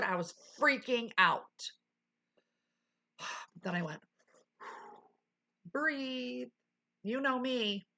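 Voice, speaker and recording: A woman's voice: lowish voice, fairly bright tone, husky. A woman streamer chatting casually with her live chat, laughing often and full of exclamations, at a desk mic.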